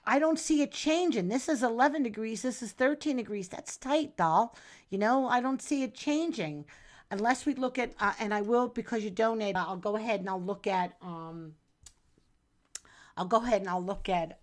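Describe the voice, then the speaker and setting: A middle-aged woman from New Jersey, chatting casually as she reads a viewer's astrology chart on a live stream, calling the viewer hon and doll. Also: medium pitch.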